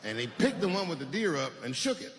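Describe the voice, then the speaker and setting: A man's voice: fairly high pitch, sing-song, fast. A man doing stand-up comedy, telling stories conversationally and acting out the people in them. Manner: conversational storytelling with acted-out quotes. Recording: reverberant hall with faint noise.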